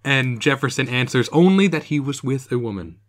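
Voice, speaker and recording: A man's voice: medium pitch, lively intonation, fairly quick. A man co-hosting a podcast, recapping an old TV episode in casual, jokey chat, laughing often. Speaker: podcast co-host.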